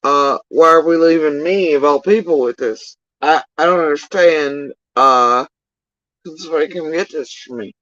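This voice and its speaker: A man telling a story in casual livestream talk, rambling and swearing, with sudden high bursts when he quotes people. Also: normal speed, no echo, highs cut off. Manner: profane, rambling, animated when quoting others. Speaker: livestream talker.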